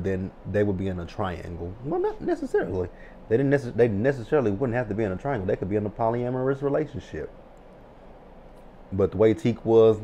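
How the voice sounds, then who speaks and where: Guy in his 30s doing a show recap vlog, lowish voice, gets loud and hyped, cusses a lot. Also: slight background noise. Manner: animated, excitable, swears freely. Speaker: TV recap vlogger. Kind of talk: casual episode recap.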